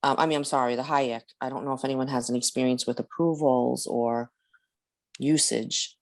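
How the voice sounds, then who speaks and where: A woman with a low voice talks on a video call, hesitant and apologetic, her sentences trailing off. She runs short of breath as she speaks and pauses to recover. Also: fairly even intonation. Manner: hesitant, apologetic, many fillers. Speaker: support group member. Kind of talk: casual group video call.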